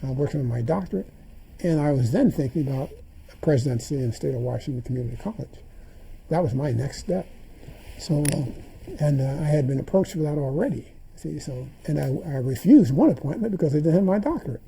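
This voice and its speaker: Husky, gravelly older man telling stories. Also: fairly high pitch, lively intonation, fairly quick, warm tone. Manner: anecdotal, acts out remembered dialogue. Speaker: interviewee. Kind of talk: reminiscing interview storytelling.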